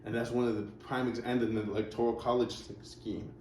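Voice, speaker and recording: A man's voice: mid-range voice, little pitch movement, brisk, a little mellow. A man hosting a reaction video, rambling in casual commentary with sarcastic asides. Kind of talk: casual commentary over clips. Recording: roomy, distant mic, faint noise.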